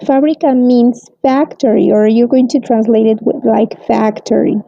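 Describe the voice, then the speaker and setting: A woman's voice: fairly high pitch, fairly even intonation, normal speed, creaky, dry recording. A woman teaching English vocabulary, explaining carefully and checking in with "mm-hmm" and "okay". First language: Spanish. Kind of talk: recorded language lesson. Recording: dull, muffled, close and dry.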